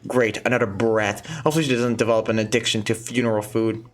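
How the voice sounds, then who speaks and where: A man reading game dialogue aloud, voicing a gloomy, morbid young man in a low, flat, muttered tone. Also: fast talker, natural voice.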